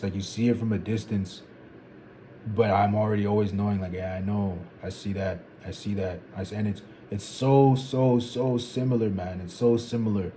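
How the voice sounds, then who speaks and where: A young man from Zimbabwe muses aloud to the camera in a solo, reflective vlog, drifting and repeating phrases as he works through his thoughts. His voice is fairly low and dark, and there's slight background noise.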